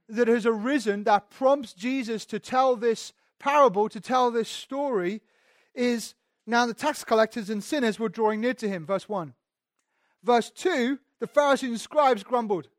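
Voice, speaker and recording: A man's voice: very high-pitched, no echo, clean studio sound. A man preaching a sermon in a conversational teaching manner, speaking directly to his listeners.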